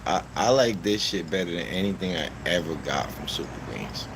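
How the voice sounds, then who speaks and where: A man's voice: deep voice, lively intonation, normal speed. A man casually chatting with his live stream audience, loose and profane, talking to viewers in chat by name. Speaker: livestreamer. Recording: background noise.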